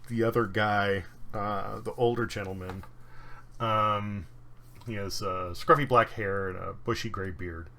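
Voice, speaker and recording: A man's voice: lowish voice, fairly even intonation, creaky, bright, forceful tone, a little hiss or hum. A man narrating as game master of an online tabletop game, hesitant and full of fillers. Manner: hesitant, many fillers, unhurried.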